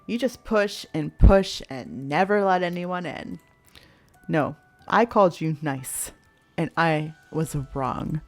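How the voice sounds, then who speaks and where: Young woman streamer, lowish voice, reads a dating game aloud with feeling, faint music under her. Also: takes it slowly. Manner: expressive, swears freely, laughs at the story. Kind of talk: reading a visual novel aloud with commentary.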